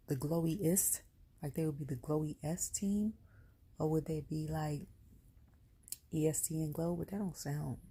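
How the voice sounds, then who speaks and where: A woman with a low voice that is dark and husky, with a gravelly edge. She reviews a wrestling show in a blunt, animated rant full of casual slang. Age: adult with a son. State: near tears. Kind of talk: casual ranting commentary.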